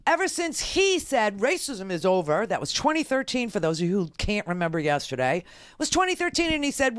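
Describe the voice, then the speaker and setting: A woman's voice: mid-range voice, very animated, brisk, no room sound. A woman radio talk show host delivering exasperated political commentary from a studio, emphatic and repeating her phrases for effect.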